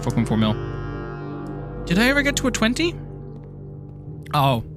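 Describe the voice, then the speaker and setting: A high-pitched man from Ireland talks loosely through a live game stream. He rambles, gets excited, swears freely and stumbles over his words. Soft music plays faintly behind him. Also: moderate pace. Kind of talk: casual live-stream chat while playing.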